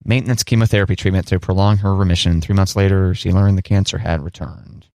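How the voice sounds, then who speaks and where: A man's voice: low-pitched, fairly even intonation, fast, mellow, no room sound, clean studio sound. A man in his thirties co-hosting a podcast, teasing dryly and laughing often in casual chat. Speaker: podcast co-host.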